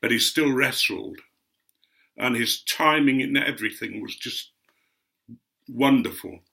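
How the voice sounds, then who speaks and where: Bright-voiced older man telling stories. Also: mid-range voice. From Otley, Yorkshire, England. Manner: chatty and meandering, with gentle asides. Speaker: guest speaker recounting memories. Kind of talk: anecdotal storytelling.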